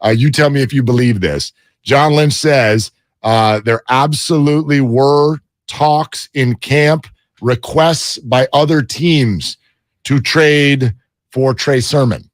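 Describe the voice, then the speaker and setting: A man's voice: medium pitch, slow, no echo. Sports radio co-host, male, conversational, reads news notes, dry booth sound. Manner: chatty, reads out news items. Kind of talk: casual sports radio banter.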